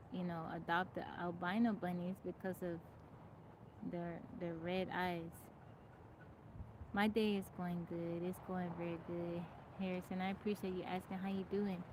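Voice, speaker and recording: A woman's voice: on the low side, noisy background. A woman hosting a casual live stream, greeting viewers by name and chatting with frequent laughs. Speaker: livestream host. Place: outdoors in nature. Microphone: phone.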